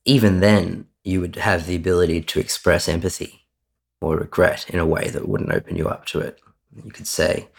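A man's voice: low-pitched, steady tone, moderate pace, gravelly, breathy edge. A man speaking as an interview guest, recounting a personal story earnestly with frequent restarts and self-corrections. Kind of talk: candid conversational storytelling.

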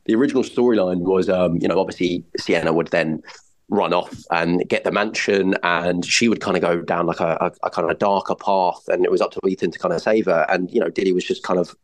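Fast-talking, enthusiastic man. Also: deep voice, fairly even intonation, poor audio. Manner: enthusiastic, effusive, repeats words. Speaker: soap actor, podcast guest. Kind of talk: casual interview chat.

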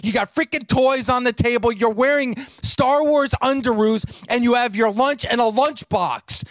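A man's voice: extremely high pitch, moderate pace, hardly any pauses, a bit bright, dry recording. A male radio show host ribbing his co-host in bantering talk, exasperated and mocking.

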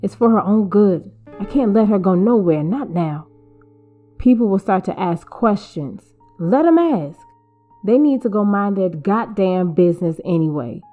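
A woman voicing a weary, secretive husband who speaks in a flat, defensive way. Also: mid-range voice, unhurried, narrow, tinny audio, soft background music, lightly acted.

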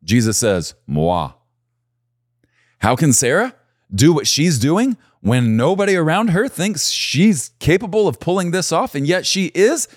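A man preaching a sermon, animated and repeating key phrases for emphasis. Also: fairly high pitch, normal speed, no echo, clean studio sound. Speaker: pastor.

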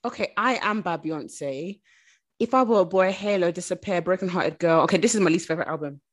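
A woman, hosting a podcast in casual, animated chat with quick reactions. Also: on the low side. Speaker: podcast host.

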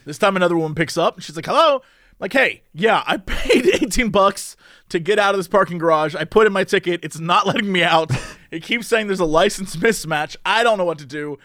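A man's voice: high-pitched, brisk, no echo, clean studio sound. A man telling a long story in casual chat, laughing often and acting out the people in it. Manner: animated, laughing often, mimics others in the story.

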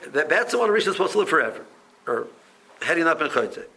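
A man teaching a Talmud class, speaking in a halting way with many restarts and repeated words. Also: on the high side, sing-song, vocal fry, bright, forceful tone, breathy edge, poor audio. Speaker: Torah teacher.

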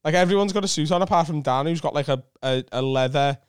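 British man telling jokey stories, smooth voice. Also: fairly high pitch, no room sound, clean studio sound. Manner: storytelling, quick banter with laughs. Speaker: podcast guest. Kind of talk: casual comedic chat.

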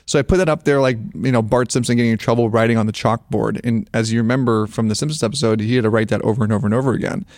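A man chatting as a podcast guest, relaxed and conversational, in a room. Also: mid-range voice, very fast, hardly any pauses, no echo, clean studio sound. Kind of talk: casual chat.

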